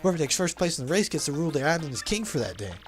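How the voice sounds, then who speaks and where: A laid-back young man tells a long adventure story in easygoing slang, voiced by a man dubbing a game. The voice sits somewhat high and is backed by faint music. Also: sing-song, rapid-fire. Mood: storytelling. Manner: casual slangy storytelling, says bro a lot. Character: laid-back young male hero's brother telling a story.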